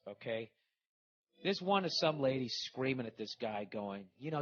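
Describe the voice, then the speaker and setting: A middle-aged man holds forth as a podcast host, ranting in a heated, swearing, rambling comedic monologue. His voice sits a little high for a man. The recording sounds dull and lo-fi. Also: fairly bright tone.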